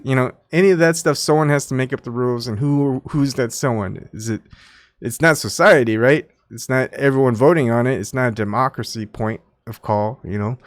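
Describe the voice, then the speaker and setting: A man's voice: medium pitch, no echo. A man from Texas reading an article aloud and commenting on it in a casual, musing way, chuckling between points. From Houston, Texas. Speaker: commentary host.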